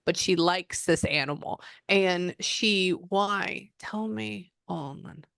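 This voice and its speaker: A woman with a somewhat low voice leads a psychic reading in loose, rambling chat. She often breaks off mid-thought and circles back. The recording is dry and close, with no room sound. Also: slow pace, creaky, a bit bright, clear, resonant tone, no echo. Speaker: psychic medium. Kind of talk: reading session over a call.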